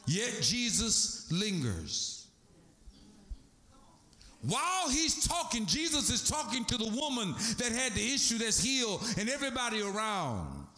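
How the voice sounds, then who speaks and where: A man's voice: very high-pitched, huge pitch swings, a little slow, bright, forceful tone, echoey room. A man preaching a sermon, calling to the congregation for responses and breaking into song.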